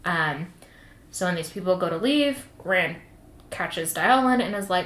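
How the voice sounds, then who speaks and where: A woman's voice: lowish voice, expressive, a little slow, a bit bright. A woman co-hosting a podcast, animatedly recapping a book in casual, profane chat and slipping into quoted voices. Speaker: podcast co-host. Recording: roomy sound with faint noise.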